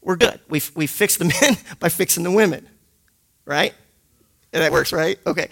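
A man teaching a Bible study group in an animated, jokey way, punctuating points with loud sound effects. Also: high voice, moderate pace, vocal fry. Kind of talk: lively teaching talk to a group.

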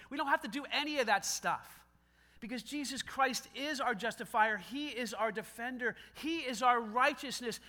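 A male pastor with a high voice delivers a conversational sermon, and his tone is very bright and sharp. He acts out snatches of dialogue as he preaches and pokes gentle fun at himself. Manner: self-deprecating humor.

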